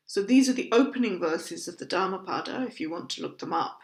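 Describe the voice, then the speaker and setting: A woman's voice: on the low side, lively intonation, darkish tone. Thoughtful woman explaining in a roomy space. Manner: measured, thoughtful, explaining terms patiently. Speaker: Buddhism teacher. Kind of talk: explanatory educational talk. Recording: roomy echo.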